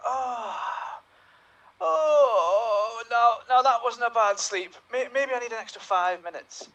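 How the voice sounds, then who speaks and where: A man's voice: extremely high pitch, slow, fairly bright tone, far from the mic, highs cut off, pitched above the performer's own voice, heavily acted. A man improvising as a drowsy princess Aurora who has just woken from a very long sleep, groggy and pleading for a few more minutes. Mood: sleepy. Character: drowsy princess Aurora waking after millennia.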